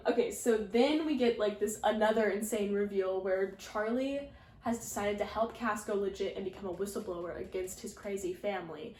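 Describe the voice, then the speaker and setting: A woman's voice: medium pitch, darkish tone. Rambling woman recapping in an echoey room. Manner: rambling, heavy use of "like", sarcastic asides. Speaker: video essayist recapping a fanfiction. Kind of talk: casual recap.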